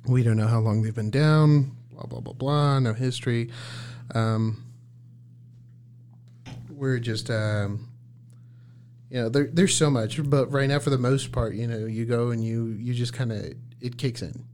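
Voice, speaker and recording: A man's voice: medium pitch, measured pace, long pauses, darkish tone, slight background noise. A man, a paramedic guest, telling work stories in casual chat, laughing often and acting out his own lines in a raised voice.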